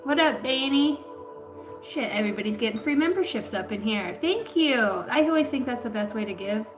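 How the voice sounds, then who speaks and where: A woman's voice: a little high, expressive, fairly quick, echoey room, music in the background. A middle-aged woman reading tarot on a livestream in casual chat, swearing, joking and laughing often.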